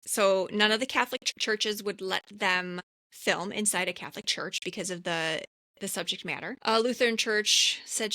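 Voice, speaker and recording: A woman's voice: medium pitch, normal speed, no echo. A woman co-hosting a film rewatch podcast, animatedly recapping the movie in casual chat. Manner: animated storyteller, chatty. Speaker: podcast co-host.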